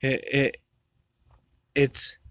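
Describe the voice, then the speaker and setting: On his own livestream, a man rants angrily, swearing often and stumbling into repetitive, stammering restarts. His fairly bright voice draws out its words, and there's no room sound.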